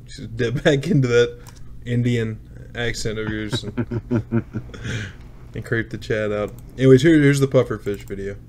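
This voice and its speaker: A man's voice: medium pitch, measured pace, pauses often, darkish tone, a little hiss or hum. A man hosting a casual podcast, laid-back and profane, reading viewer comments aloud. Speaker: podcast host reading chat. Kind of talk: casual chat.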